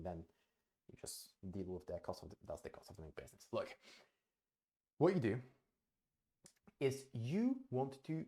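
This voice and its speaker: Man, blunt business advice, swears a lot, emphatic repeats, dark mellow voice. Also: fairly low pitch. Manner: acts out client dialogue as he explains. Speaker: host. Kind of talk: direct-to-camera business advice.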